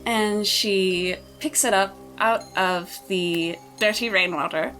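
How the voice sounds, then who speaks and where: A woman narrating and running a tabletop role-playing game in a relaxed, chatty way. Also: medium pitch, slow pace, soft background music. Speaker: game master.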